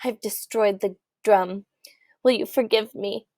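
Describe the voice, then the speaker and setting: A woman's voice: mid-range voice, fairly even intonation, measured pace, mellow, dry recording. A woman voicing a remorseful old male father mouse who pleads in a trembling voice. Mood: pleading remorseful.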